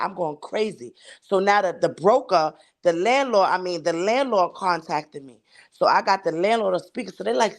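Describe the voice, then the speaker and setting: A woman's voice: on the low side, animated, brisk. A woman co-hosting a casual chat show, telling a story at length with heavy swearing and acting out the dialogue. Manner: profane and emphatic, acts out quoted dialogue. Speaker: podcast co-host.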